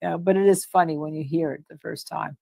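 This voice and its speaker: A woman with a New Jersey accent hosting a casual livestream, talking in an animated way about a court case, repeating herself and reading chat comments aloud. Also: low voice, a little fast, vocal fry, dry recording.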